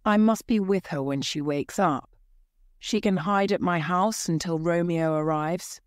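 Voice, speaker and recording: A woman's voice: fairly low pitch, no echo, clean studio sound, lightly acted. A woman reading a storybook, voicing a worried, kindly older friar who speaks with urgency. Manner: urgent, hurried.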